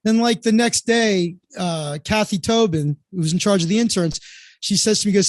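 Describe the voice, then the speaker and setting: A man with a notably high voice tells a rambling story as a guest, circling back with fillers and restarts. He is from Florida. The sound is dry and close. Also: normal speed, no echo. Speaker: guest comedian. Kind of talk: casual anecdote telling.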